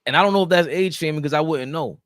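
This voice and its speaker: A man's voice: on the high side, quick pace, fairly bright tone, dry recording. Laid-back man chatting sports, dry close mic. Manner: loose, laughing, profane banter. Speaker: sports talk host. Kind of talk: casual sports chat.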